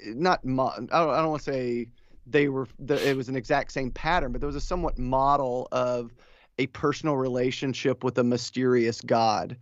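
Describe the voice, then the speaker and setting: A man talking as a podcast guest in casual chat, thoughtful and measured, with some hesitation. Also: medium pitch, steady tone, no echo. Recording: dry, slightly dull audio.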